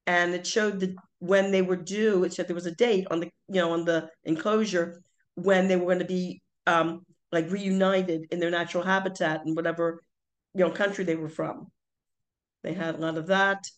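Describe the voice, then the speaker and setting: An older woman co-hosts a podcast with her son, chatting casually and telling long, rambling stories packed with fillers and restarts. Her voice sits on the low side, with fairly even intonation and a normal pace.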